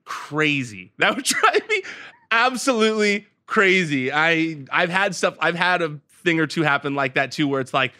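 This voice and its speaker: A man's voice: on the high side, very animated, normal speed, bright, forceful tone. A man hosting a wrestling interview podcast, chatting casually and laughing along with his guest.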